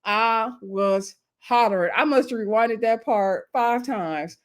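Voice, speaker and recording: A woman's voice: fairly high pitch, slow. A woman recapping a TV episode in a casual, chatty way, often laughing as she tells the story. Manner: chatty, laughing storyteller who acts out quotes. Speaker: TV show reviewer.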